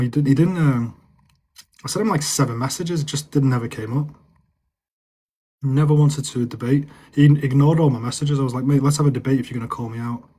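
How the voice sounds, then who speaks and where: A man's voice: medium pitch, fast, mellow, husky. A young man with a northern English accent, chatting casually on a live stream and answering viewers' comments. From England. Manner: chatty, loose, repeats himself while answering comments.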